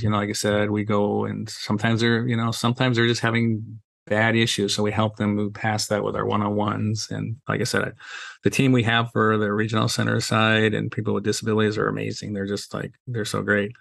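A middle-aged man speaks as a guest on a podcast in a low, gravelly voice. His pitch stays fairly level as he strings anecdotes together with "you know" and acts out bits of dialogue, and the sound is dry. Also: completely flat delivery, brisk, a bit bright, no room sound. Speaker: podcast guest, safety trainer. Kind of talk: casual conversational storytelling.

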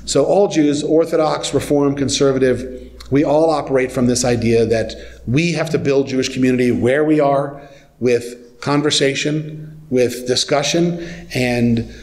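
A man's voice: mid-range voice, unhurried. Guy preaching in a church, chatty storyteller vibe, mid-range voice, lots of "right?" asides. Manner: conversational, animated storyteller with asides. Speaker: guest rabbi speaker. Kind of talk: teaching sermon with slides. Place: church sanctuary.

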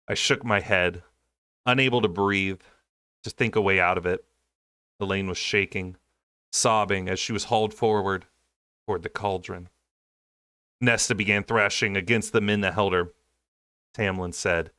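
A man reads a fantasy novel aloud with steady, expressive narration. His voice sits on the lower side, and the recording is dry with no room echo. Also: normal speed. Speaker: amateur audiobook reader. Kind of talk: dramatic novel reading.

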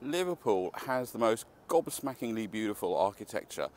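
A man's voice: on the low side, big pitch swings, normal speed, darkish tone. A man vlogging casually to camera outdoors on a city street, chatty and enthusiastic with wry asides. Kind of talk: casual walking vlog to camera. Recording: faint street noise outdoors.

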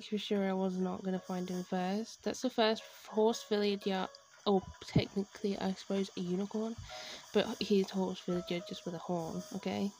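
A woman chatting casually over her gameplay from her bedroom at home, gushing and excitable as she talks. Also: medium pitch, moderate pace. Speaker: video game streamer.

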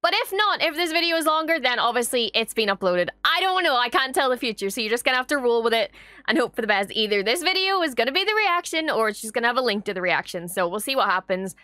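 A young Irish woman hosting a reaction video, chatting casually and gushing excitedly with frequent swearing. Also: on the high side, fast talker, no echo.

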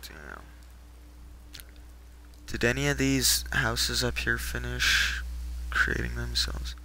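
Slow, gravelly male gamer streaming. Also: mid-range voice, lively intonation, sharp tone, slight background noise, low-quality recording. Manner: laid-back, profane, muttering. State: sleepy. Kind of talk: casual live gameplay commentary.

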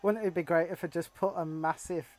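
A woman's voice: on the low side, fairly even intonation, brisk, darkish tone, no echo. A woman hosting a casual let's-play, reacting to the game with frequent squeals and exclamations. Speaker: gaming video host.

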